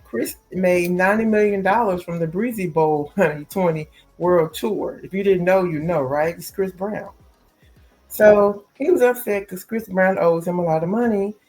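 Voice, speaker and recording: A woman's voice: mid-range voice, darkish tone. A woman hosting a casual gossip podcast, talking straight to listeners and calling them y'all and baby. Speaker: podcast host. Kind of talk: casual celebrity gossip commentary.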